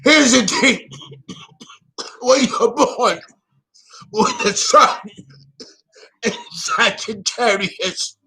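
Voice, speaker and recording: A man talking as an astrologer in a casual vlog monologue. He is theatrical and emotional, and he swings between loud bursts and low murmurs. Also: huge pitch swings, very slow, long pauses.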